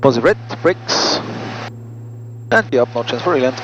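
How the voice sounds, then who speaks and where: A man, a pilot and vlog host, reading out cockpit checklists crisply and adding friendly asides to viewers from a small aircraft cockpit. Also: mid-range voice, expressive, normal speed, highs cut off, noisy background.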